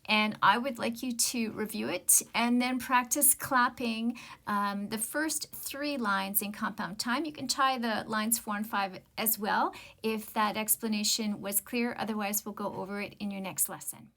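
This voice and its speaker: A woman music teacher walks students through a rhythm lesson at an unhurried pace, in a voice of middle pitch. She explains step by step and chants counts and rhythm syllables aloud so they can follow along. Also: sharp tone.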